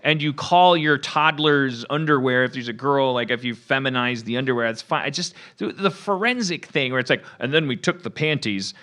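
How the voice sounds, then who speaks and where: A man's voice: mid-range voice, moderate pace, hardly any pauses, sharp tone. A man hosting a comedy podcast, ranting in exasperation with stammering restarts. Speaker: podcast host. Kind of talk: casual comedy chat.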